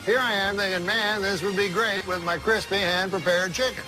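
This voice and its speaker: This is a folksy old chicken-recipe pitchman, played by a man in a TV ad, talking in a high voice with an upbeat, salesy lilt. Music plays clearly behind him. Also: fairly even intonation, normal speed, lightly acted. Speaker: ad spokesman for a chicken chain. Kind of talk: scripted TV ad.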